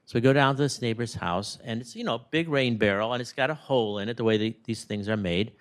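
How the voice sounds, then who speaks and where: Male eulogist, animated anecdotal storyteller, memorial setting. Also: medium pitch, quick pace. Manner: rambling, animated anecdotes with acted-out quotes. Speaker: neighbor giving a eulogy. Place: room at a retirement community service.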